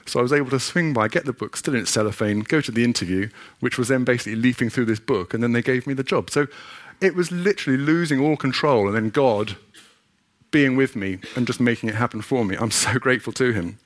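A man's voice: mid-range voice, fast talker. A middle-aged man giving a sermon with a personal story, earnest and conversational, often restarting his sentences. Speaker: preacher.

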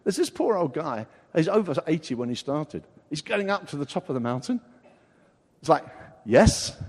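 An older male preacher with a high voice delivers a sermon, and a long hall reverb trails every phrase. He acts out the people he quotes, jumping from near-shouts down to quiet asides. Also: slightly rough. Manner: acts out quoted voices with big swings of loudness.

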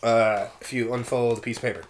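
Irish man, mid-pitched, jokey podcast co-host, laughs a lot. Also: little pitch movement, fairly quick, a little hiss or hum. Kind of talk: casual chat.

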